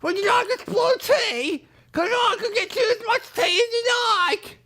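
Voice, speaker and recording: High servant. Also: male voice, animated, normal speed, sharp tone, exaggerated voice. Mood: eager.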